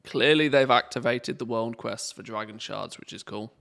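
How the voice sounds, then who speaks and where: A man in the middle of a live game stream, talking half to himself as he works through his to-do list. His voice has a gravelly fry to it, sitting at an ordinary male pitch. The delivery is relaxed and unhurried. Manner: thinks aloud, rambling and relaxed. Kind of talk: casual live-stream commentary.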